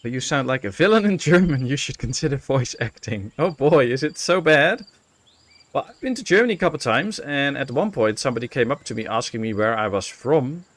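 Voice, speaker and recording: A man's voice: mid-range voice, a little fast, no room sound. A man from the Netherlands streaming a colony-building game, chatting casually with his viewers and musing aloud with lots of fillers. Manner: relaxed, musing, thinking aloud with many fillers. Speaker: gaming streamer.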